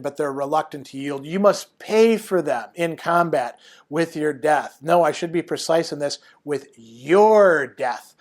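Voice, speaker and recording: Ancient scheming male god read by a man; measured, a bit high. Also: close to an everyday voice. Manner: read aloud from a novel, measured.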